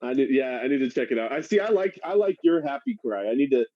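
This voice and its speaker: A man's voice: mid-range voice, expressive, fast talker, dry recording. A man co-hosting a podcast, chatting casually, swearing freely and laughing as he retells stories. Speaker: podcast co-host. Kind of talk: casual chat. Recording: muffled, dry.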